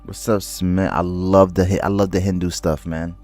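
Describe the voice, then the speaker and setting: A man on a casual livestream, reading viewer comments aloud, talking loosely, calling people bro and stumbling over words when excited. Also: sits low, moderate pace, faint music behind. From United States. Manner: stutters and restarts when excited; loose slangy talk, calls viewers bro.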